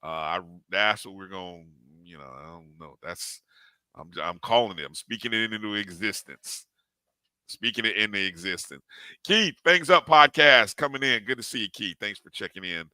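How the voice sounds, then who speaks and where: A man's voice: fairly low pitch, animated, normal speed, sharp tone, smooth, dry recording. A man co-hosting a live sports talk show, animatedly greeting chat viewers one by one by name.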